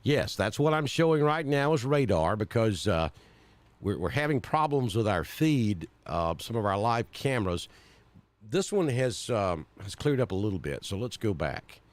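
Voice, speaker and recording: A man's voice: on the low side, sing-song, normal speed, no echo. A man from central Alabama with a Southern accent, giving live storm coverage as a weather broadcaster and thinking aloud with many fillers.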